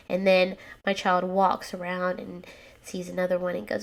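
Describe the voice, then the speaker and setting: A mother co-hosting a podcast, telling a lively story about her child in a casual, animated way. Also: medium pitch, normal speed, gravelly. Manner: animated, acts out a child's voice in anecdotes.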